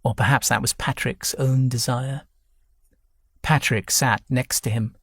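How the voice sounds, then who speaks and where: A man narrating a novel audiobook in a measured, even reading. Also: medium pitch, husky, no echo, clean studio sound. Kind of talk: scripted narration.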